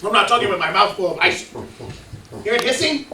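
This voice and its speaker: Bright high-voiced man quizzing kids. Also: expressive, fairly quick. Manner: playful, asks the kids questions. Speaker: children's ministry presenter. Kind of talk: comedic science skit for kids. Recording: echoey room, mic far off, faint noise.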